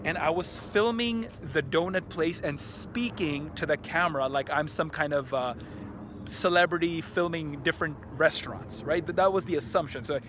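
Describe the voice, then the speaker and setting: A man tells a story straight to his camera outdoors, his voice sitting a little high. He rambles with excitement, swears casually and keeps restarting his sentences. Faint outdoor noise hums behind him. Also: normal speed. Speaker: vlogger. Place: outdoors at a park tennis court.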